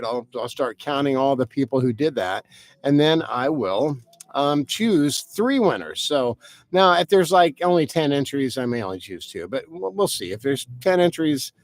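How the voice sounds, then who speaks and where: A man's voice: medium pitch, dry recording. A man who writes novels, rambling casually through a live stream for his viewers and cursing now and then. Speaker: author hosting a live stream.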